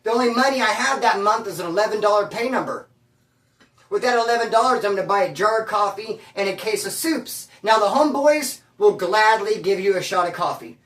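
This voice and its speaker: A man's voice: high-pitched, brisk, fairly bright tone, reverberant, far from the mic. A man telling stories about prison life in a casual, slangy, streetwise way, full of bro and dude. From California. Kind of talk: casual storytelling monologue.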